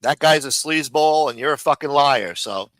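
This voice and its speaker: A man's voice: fairly high pitch, moderate pace, fairly bright tone, no room sound, rough recording. A man hosting a live stream, ranting angrily and mockingly with a lot of profanity, talking around a throat lozenge. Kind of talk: heated live stream rant.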